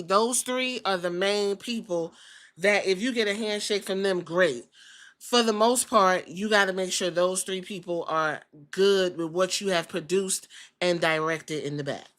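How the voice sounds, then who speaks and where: A woman with a fairly low voice hosts a casual review podcast. She speaks bluntly and with strong opinions, and she swears offhandedly as she talks things through. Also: a bit bright. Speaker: podcast host.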